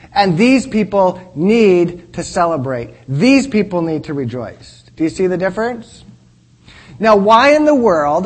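A man's voice: high voice, poor audio. A man teaching in a sermon style. He speaks earnestly, repeats key phrases for emphasis and keeps checking in with his listeners. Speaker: preacher teaching a class.

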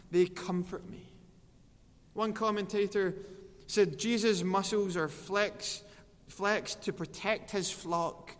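A man with a high, light voice preaches at a slow, deliberate pace. He is earnest and lets his voice swell on the scripture lines. His voice carries a long reverb, like a large church hall. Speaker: pastor. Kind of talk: sermon.

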